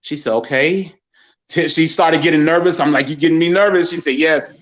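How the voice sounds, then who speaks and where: A man in his forties tells a personal story on a talk show. His voice sits a bit high, and he slips into other people's voices as he quotes them, pushing up and down with the drama. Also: brisk. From Gary, Indiana, USA. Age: 40s. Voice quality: animated storyteller who acts out others' words. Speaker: guest.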